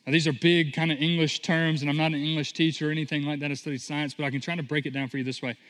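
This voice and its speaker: A man preaching in a church sanctuary, his fairly high voice carrying a long reverb through the room. He tells the story with energy and drops into acted-out voices for the characters. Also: racing. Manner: animated storytelling, acting out voices in quotes. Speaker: pastor. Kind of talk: sermon.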